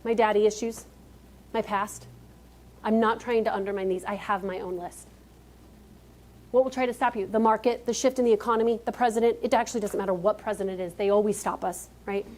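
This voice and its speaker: A woman in her thirties giving a live keynote speech on a conference stage, energetic and joking as she talks straight to the audience. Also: mid-range voice, fairly quick. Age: 30s. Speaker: motivational speaker.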